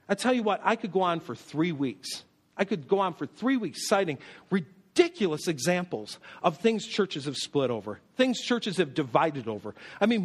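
A male pastor preaching a sermon, emphatic, repeating key phrases and acting out quoted voices. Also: sits high.

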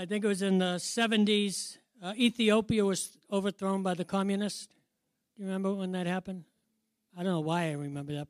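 High-voiced middle-aged preacher, dry sound. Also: male voice, no room sound. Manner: conversational, questions the audience, chuckles at own stories. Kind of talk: sermon.

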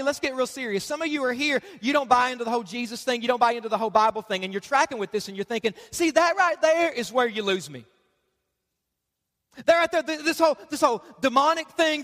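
High-voiced pastor preaching in a reverberant hall. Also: male voice. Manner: lively, conversational, acts out quoted voices. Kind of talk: sermon. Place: church.

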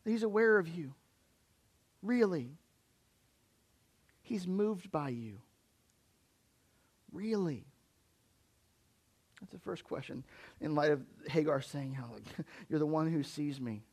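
A young man with a high-pitched voice preaches to his church. He talks in an easy, conversational way. He keeps putting direct questions to the people listening. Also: animated, slow pace, pauses often, darkish tone, husky. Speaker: pastor. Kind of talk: sermon.

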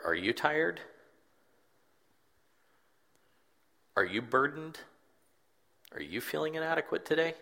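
A man voicing Jesus as a gentle figure inviting the listener, speaking softly and at times near a whisper. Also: a little high, vocal fry, voice pushed up, heavily acted.

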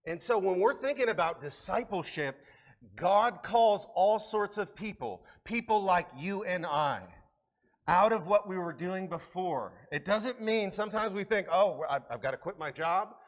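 A man's voice: high voice, lively intonation, measured pace. A man preaching a sermon as pastor, conversational and earnest, rising to emphatic peaks.

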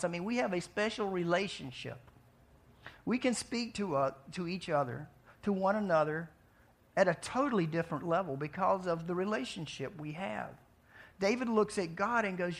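A man preaching a sermon in a conversational way, asking his listeners questions and swinging between soft, quiet passages and emphatic outbursts. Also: a little high. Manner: conversational, asks the audience questions. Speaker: pastor.

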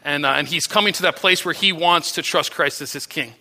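Bright-voiced preacher, earnest and fervent. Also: male voice, brisk. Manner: earnest preaching with restarts, voice dropping low and soft on key phrases. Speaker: pastor. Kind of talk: sermon.

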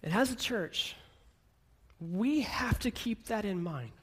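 A man in his thirties preaching a sermon with a notably high, light voice. He speaks gently and earnestly, then builds to firm, emphatic statements. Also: animated, slow pace, husky. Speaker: pastor.

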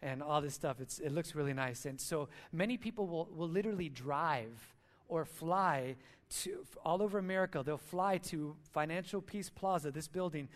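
A man with a notably high-pitched voice preaches a sermon. He talks in an earnest, storytelling way, as a speaker addressing his church. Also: moderate pace.

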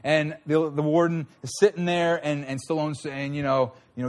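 A man's voice: a little high, little pitch movement, brisk, a little mellow. A man preaching a sermon in a conversational way, often checking in with his listeners. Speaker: pastor.

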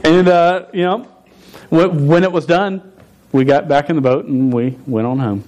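A man in his forties telling a story in a sermon, animated, stumbling and restarting his words as he goes. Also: a little high, normal speed. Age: 40s. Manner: stuttering with frequent restarts. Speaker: pastor.

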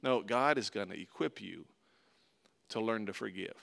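A man preaching a sermon, reading scripture and explaining it earnestly, rising loud in the story and dropping soft on key points. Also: on the low side, moderate pace, gravelly. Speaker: pastor.

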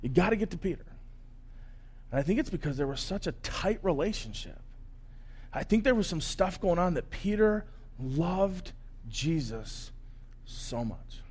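A man pastor giving a sermon, telling the story in a conversational, animated way. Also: fairly high pitch, unhurried, long pauses, husky.

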